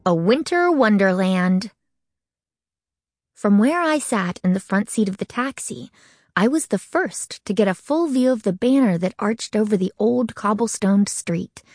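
A woman narrating an audiobook in first person, lively and expressive, shifting her voice for each character. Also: mid-range voice, no echo, studio quality.

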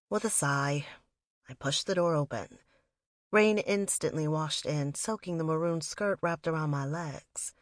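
A woman with a low-pitched voice reads a first-person story aloud as an audiobook narrator, sounding reflective and wistful. The studio recording is clean, with no echo.

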